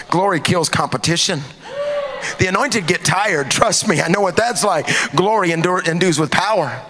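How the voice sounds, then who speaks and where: A man preaching a sermon as a pastor, animated and rising to shouts at times. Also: high voice.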